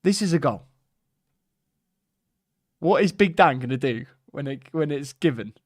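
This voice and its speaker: A man hosting a live football watchalong, talking excitedly with his co-host and his viewers. His voice sits fairly high and leaps around a lot. It is recorded close and dry. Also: unhurried, no echo. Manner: excitable, chatty, laughing, talks to the chat. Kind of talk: live match watchalong chat.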